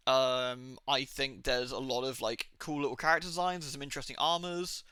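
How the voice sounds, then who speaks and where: A young man streaming a game, chatting casually to his viewers, rambling and joking, swearing freely and slipping into quick silly impressions. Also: mid-range voice, fairly even intonation, bright, forceful tone, smooth, no echo. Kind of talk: casual live-stream chat.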